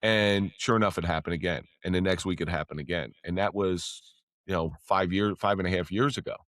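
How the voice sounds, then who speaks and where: A former police officer, appearing as a podcast guest, tells stories casually and candidly, cursing freely. His voice is low and fairly quick with no echo, and its pitch jumps up when he gets excited.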